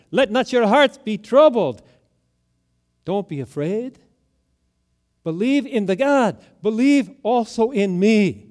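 An older male pastor preaching a sermon, emphatic, with dramatic swings in loudness and pitch as he acts out quotes.

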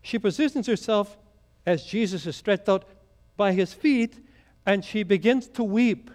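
Male pastor, higher voice, storytelling sermon with chatty asides. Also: a little slow, a little mellow. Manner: storytelling, conversational asides to the congregation.

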